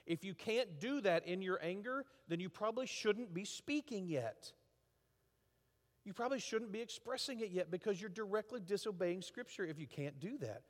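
A middle-aged man preaching a conversational sermon as a pastor, with lively acted asides. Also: high-pitched, normal speed. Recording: long hall reverb.

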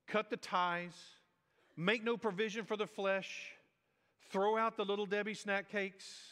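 A man preaching a sermon as a pastor in a conversational, animated way, often acting out quoted voices. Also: high-pitched, a little slow. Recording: reverberant hall.

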